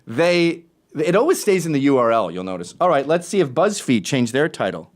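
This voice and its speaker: A man hosting a talk show, ranting in an animated, sarcastic way, jumping between loud remarks and muttered asides. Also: fairly high pitch, a little fast. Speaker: show host. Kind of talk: opinionated talk-show rant.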